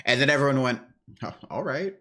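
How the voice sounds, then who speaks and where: Opinionated man, mid-pitched. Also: expressive, brisk, fairly bright tone. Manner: opinionated, explains at length, acts out voices. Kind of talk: casual chat.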